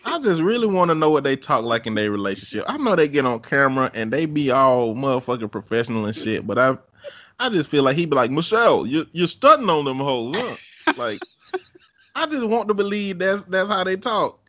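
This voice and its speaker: A man's voice: on the high side, expressive, fairly quick, a bit bright, highs cut off. A man in a casual chat who jokes, swears freely and laughs often. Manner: profane, jokey, laughs often.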